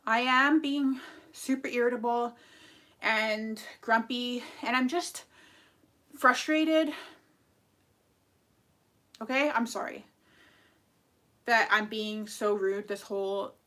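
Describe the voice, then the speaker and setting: A woman's voice: fairly high pitch, slow pace, long pauses, sharp tone. Rambling young woman on a livestream. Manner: rambling, filler-heavy, self-critical. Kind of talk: casual live-stream chat.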